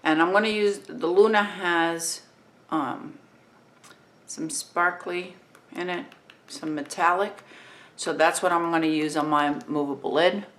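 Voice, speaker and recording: A woman in her fifties with a New Jersey accent, talking through a makeup tutorial in a relaxed, chatty way while she works. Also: fairly low pitch, measured pace. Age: 50s.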